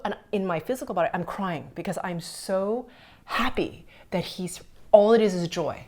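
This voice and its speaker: A middle-aged woman hosting a spiritual podcast, earnestly recounting a personal experience and dropping to soft whispers at tender moments. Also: medium pitch, normal speed. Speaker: podcast host.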